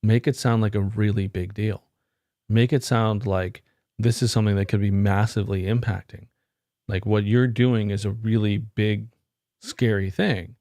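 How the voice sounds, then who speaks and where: Gravelly low-voiced man, casual tech vlog. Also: fairly even intonation, moderate pace, warm tone, no room sound, studio quality. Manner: wry, rambling storyteller. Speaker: IT career vlogger. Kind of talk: casual explanatory talk to camera.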